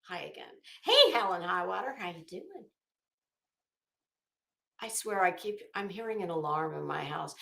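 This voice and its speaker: A woman's voice: lowish voice, expressive, moderate pace, creaky, long pauses, a bit bright, roomy sound. A middle-aged woman hosting a casual livestream, blunt and chatty, greeting viewers by name. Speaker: livestream host.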